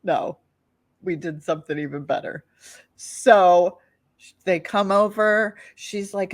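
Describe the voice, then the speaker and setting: Brief: woman podcast co-host, lively storyteller, voices the people she quotes, dry close mic. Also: fairly low pitch, moderate pace, dry recording. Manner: animated storyteller, acts out quotes. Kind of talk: casual storytelling chat.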